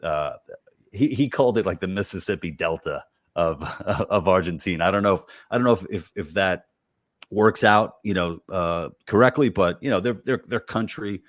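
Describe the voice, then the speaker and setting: A man, a comedian, telling personal stories in relaxed conversation, halting with lots of fillers and repeated words. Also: sits low, dry recording. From United States. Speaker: comedian guest.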